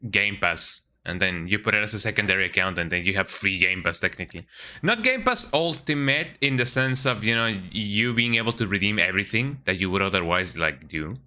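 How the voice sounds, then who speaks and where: Rambling low-voiced male streamer. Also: bright, forceful tone. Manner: rambling, says "eh" often. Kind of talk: casual chat while gaming.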